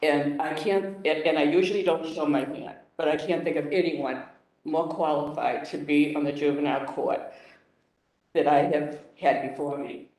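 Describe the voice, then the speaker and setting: A woman's voice: sits low, a little mellow. Older woman, council member, emotional, rambling, outspoken, distant mic, echoey hall. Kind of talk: hearing remarks. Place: council hearing chamber.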